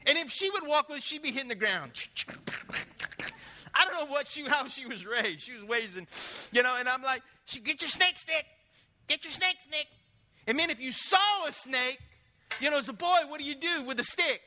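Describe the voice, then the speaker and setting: A man preaching a sermon as pastor, telling lively stories and putting questions to the congregation. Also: extremely high pitch, brisk, in a large hall, a little hiss or hum. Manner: animated storytelling, asks the congregation questions.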